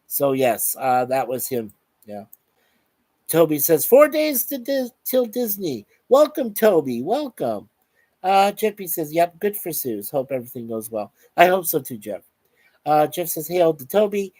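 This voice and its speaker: A man's voice: a little high, sing-song, measured pace, darkish tone, dry recording. A man hosting a casual live stream, reading out viewer comments in a chatty, upbeat way. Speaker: show host.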